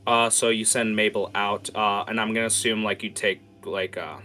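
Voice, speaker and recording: Guy running a tabletop rpg, chatty, bright voice, lowish pitch, um and uh everywhere. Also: steady tone, faint music behind. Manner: casual, halting, lots of fillers. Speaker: game master. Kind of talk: narrating a tabletop game.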